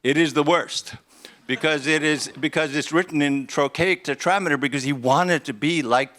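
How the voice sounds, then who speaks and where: A man's voice: a little high, moderate pace, fairly bright tone. An older man from Estonia giving a conference keynote into a handheld microphone. He talks in a conversational, wry way with frequent restarts. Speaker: keynote speaker. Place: conference hall.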